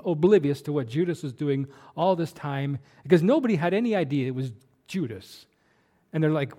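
A man's voice: a little high, dark tone. A man preaching a sermon as a pastor, in a conversational way with many fillers and restarts.

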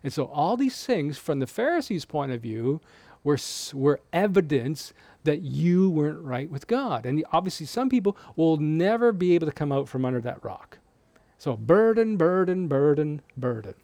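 Lively, mellow-voiced male preacher. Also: on the high side, moderate pace, no room sound. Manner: explanatory, conversational, with frequent restarts. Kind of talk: Bible teaching sermon.

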